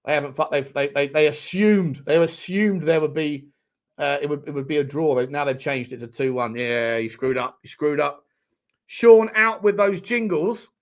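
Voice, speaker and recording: A man's voice: on the high side, steady tone, moderate pace. A man hosting a casual football watchalong stream, rambling and joking with frequent stammering restarts. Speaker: football channel host.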